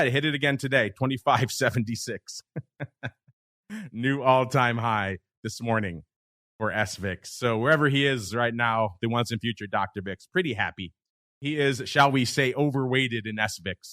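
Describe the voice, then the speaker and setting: A man with a lowish, slightly bright voice hosts a casual markets podcast in clean studio quality with no echo. Upbeat and jokey, he talks straight to his listeners.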